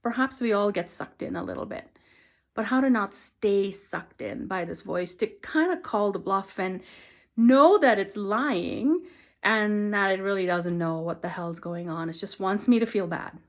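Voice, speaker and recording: An earnest woman teacher muses aloud in a gentle, reflective way. Her pitch sits in an ordinary middle range, and she drops to a soft voice whenever she speaks kind affirmations. The tone is sincere and unhurried. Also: lively intonation. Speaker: transformational teacher. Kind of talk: reflective spoken monologue.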